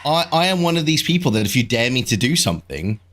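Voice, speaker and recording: A man's voice: medium pitch, very animated, fast, fairly bright tone. A man chatting on a podcast who tells stories with animation and acts out the people he quotes. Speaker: co-host. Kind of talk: casual podcast chat.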